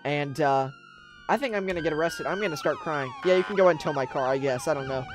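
A man's voice: fairly high pitch, wildly swooping pitch, fast talker, soft background music. A man giving roleplay gameplay commentary, dramatic and exasperated, with whiny pleading and complaints. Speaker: gaming YouTuber.

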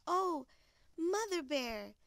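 A woman voicing an eager little male bear cub in a storybook read-aloud, with a high, sing-song manner. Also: lively intonation, a little slow, dry recording.

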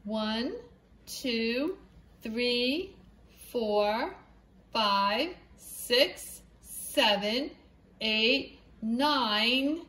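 A woman reading a picture book aloud to children at home, in a slow and animated storyteller's way. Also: a little high. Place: indoors at home. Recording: echoey room.

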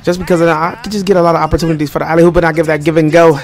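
A young man with a slightly higher voice gives loose, playful commentary over a basketball video game. He trash-talks the other team and laughs often. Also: flat delivery, rapid-fire. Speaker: gaming commentator. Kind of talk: casual gameplay commentary.

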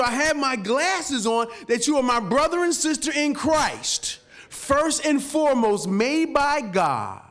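A middle-aged man, a pastor, preaching a lively sermon to a live audience, calling for responses and swinging from quiet asides to shouts. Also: extremely high pitch. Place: conference hall before a live audience.

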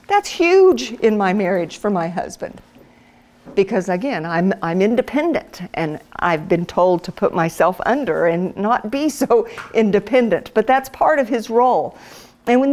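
Middle-aged woman teaching a bible study for wives, lively, plays out little scenes. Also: medium pitch. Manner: animated storyteller, acts out voices. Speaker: women's ministry speaker. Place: church hall.

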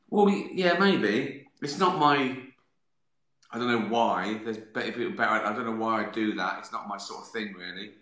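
A man's voice: on the low side, a bit bright. Sardonic man in an echoey room. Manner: sardonic, profane, rambling. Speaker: host answering viewer questions. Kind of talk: casual live-stream chat. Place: at home, sitting with a beer.

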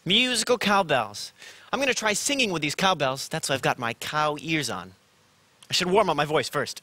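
A man's voice: on the high side, very animated, moderate pace, no room sound. A man presenting a children's TV show, talking to the audience in a bouncy, sing-song way. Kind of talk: playful children's TV talk. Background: loud backing music.

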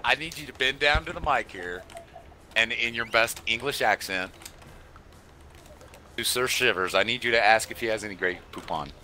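A man chatting casually as a co-player in a multiplayer game, easygoing and quick to laugh. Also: mid-range voice, pushed and bright, slight background noise.

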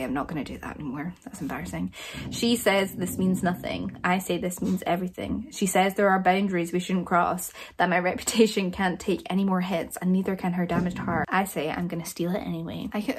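A woman's voice: fairly low pitch, fairly even intonation, brisk, slight background noise. A young woman chatting casually and self-deprecatingly through a book haul, thinking aloud. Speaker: book vlogger.

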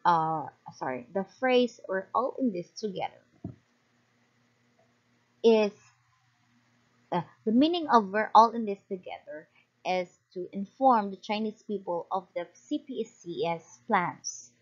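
A young woman student giving a class report, reading from notes with small slips and quick apologies. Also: mid-range voice, animated. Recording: dull lo-fi recording.

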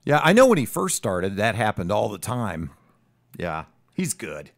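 Deep, unhurried male co-host; expressive, laughs easily; dry sound. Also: vocal fry, no echo. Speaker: radio co-host. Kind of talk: casual radio talk.

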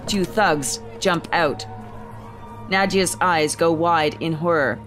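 A woman's voice: on the low side, takes it slowly, music in the background. Woman reading a screenplay aloud. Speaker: narrator.

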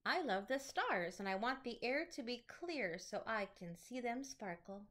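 A woman teacher reading picture books aloud to children in an animated, sing-song storytelling manner. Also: fairly high pitch, normal speed.

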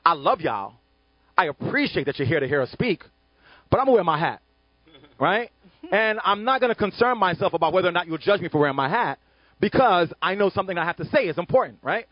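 Husky animated male panelist. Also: sits high, fast, no echo, dull audio. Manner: animated, emphatic, repeats "right?". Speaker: panelist and author. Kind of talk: panel discussion talk.

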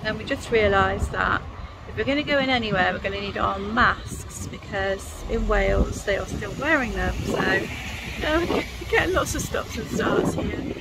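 A woman's voice: medium pitch, expressive, moderate pace, vocal fry. A middle-aged woman chatting and teasing her husband while vlogging from a moving car, filmed on a handheld camera. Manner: chatty, teasing, laughs often. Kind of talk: casual travel vlog chat. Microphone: handheld camera, no stick. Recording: loud car noise behind.

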